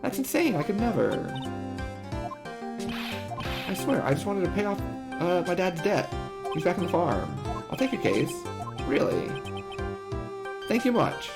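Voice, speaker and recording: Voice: mid-range voice, huge pitch swings, unhurried, gravelly, pauses often, over loud music, pitched above the performer's own voice, heavily acted. A streamer voicing a frightened young country man with a Southern US drawl, begging for help. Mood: pleading. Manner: drawling, desperate.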